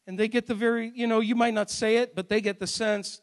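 A pastor with a strikingly high voice delivers a sermon in a church sanctuary. He talks to the congregation conversationally, tosses out rhetorical questions and drives his points home with loud, emphatic bursts. His voice rings out with a long reverb around the hall. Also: little pitch movement, a little fast, few pauses.

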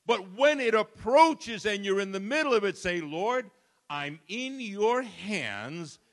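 A pastor in the pulpit, a man whose high voice leaps and dips with great animation. He preaches slowly and dramatically, dropping to near-murmurs then rising to loud peaks, while the church's long reverb trails after each phrase. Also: expressive. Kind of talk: sermon.

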